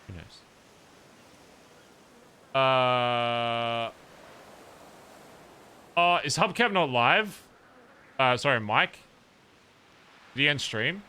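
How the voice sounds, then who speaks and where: A male streamer chats loosely with his audience as the stream wraps up, asking them questions and reassuring them. His voice sits in a middle register and has a bright, crisp edge. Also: medium pitch, a little hiss or hum. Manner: chatty, addresses viewers directly, frequent "okay?". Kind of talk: casual end-of-stream chat.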